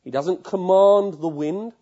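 A male preacher with a slightly high, mellow voice and a husky edge, heard on a dull lo-fi recording. He preaches with vivid storytelling and often turns to ask his listeners questions. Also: a little slow. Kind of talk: sermon.

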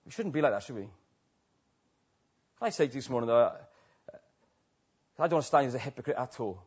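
A man's voice: medium pitch, lively intonation, fairly quick, husky, dull audio. A man from Wales with a Welsh accent preaching a sermon to a church, talking conversationally with many tag questions.

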